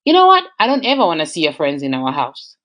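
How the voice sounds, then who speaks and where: Taunting, unstable young wife, scornful and scolding, voiced a little low, as a woman storyteller puts her on. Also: very animated, fast, a bit bright. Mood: mocking. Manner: mocking, scolding.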